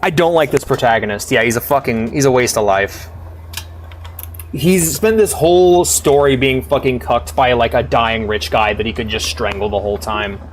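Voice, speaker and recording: A man's voice: mid-range voice, normal speed, slight background noise. A man streaming a game live, ranting in exasperation and swearing heavily, often stumbling over restarts as he talks to his viewers. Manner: exasperated profane ranting with frequent stammered restarts.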